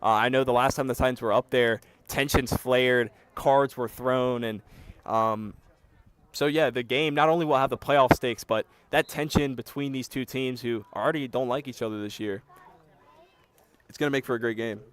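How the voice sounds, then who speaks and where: A man's voice: medium pitch, fairly even intonation, moderate pace, clear, resonant tone, no room sound. A young man doing casual play-by-play commentary for a school sports broadcast, chatty and joking.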